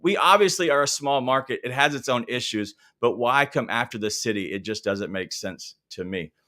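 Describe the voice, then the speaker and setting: A man's voice: medium pitch, normal speed, sharp tone. A man from Memphis co-hosting a sports talk show, chatting casually, tossing questions to guests and airing grievances. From Memphis, Tennessee. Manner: conversational, steering questions, aggrieved opinions.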